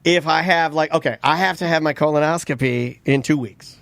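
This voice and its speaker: A man's voice: on the high side, brisk, creaky, no echo. A man in his forties co-hosting a podcast, joking and telling stories in casual banter. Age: 40s. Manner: joking, animated storyteller. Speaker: podcast co-host.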